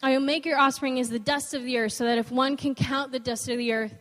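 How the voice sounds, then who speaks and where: A woman's voice: high-pitched, fast talker. Earnest young woman preaching in a reverberant hall. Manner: earnest, conversational, animated when quoting others. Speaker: speaker sharing a devotional. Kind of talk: informal sermon with personal story.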